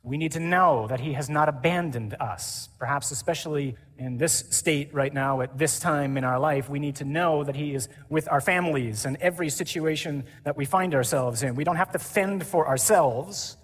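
Male priest, animated conference sermon, higher-pitched, reverberant hall. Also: normal speed. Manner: lively, animated preaching with mimicry.

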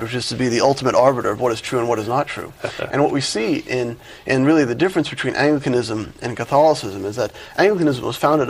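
A man, a priest, explains doctrine methodically, listing examples one after another. His voice is somewhat husky. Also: medium pitch, low-quality recording. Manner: measured, lists examples. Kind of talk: explanatory discussion.

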